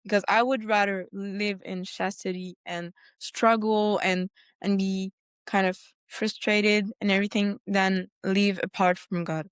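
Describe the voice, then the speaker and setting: A woman guest on a podcast telling her personal story earnestly, breaking into animated retellings and laughter. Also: mid-range voice, a little slow, clear, resonant tone, no echo, studio quality. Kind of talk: personal testimony in a conversation.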